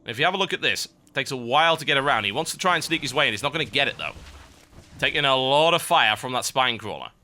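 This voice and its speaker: A young British man casting a strategy game match with brisk, wry play-by-play and chatty asides. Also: medium pitch, very animated, sharp tone. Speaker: esports caster. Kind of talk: live game commentary.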